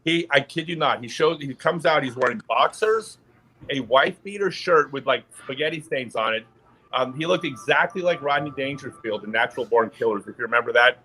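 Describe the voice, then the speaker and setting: A man's voice: mid-range voice, brisk, slight background noise. A man, a podcast guest, telling an anecdote in casual chat and laughing in the middle of his sentences. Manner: animated storyteller, laughs mid-sentence.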